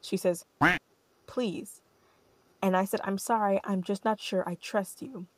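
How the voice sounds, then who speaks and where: A young adult woman hosting a podcast, telling a story in an animated, rambling way full of fillers. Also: mid-range voice, moderate pace, no echo. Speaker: podcast host. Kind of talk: casual storytelling chat.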